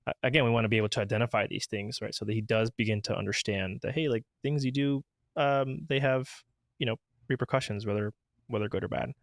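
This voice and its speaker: A man in a mid-range voice co-hosts a relaxed podcast conversation as a father. He speaks thoughtfully, pausing and restarting his phrases as he works through an idea. The sound is close and dry. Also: medium pitch, vocal fry, no room sound. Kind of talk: casual conversational chat.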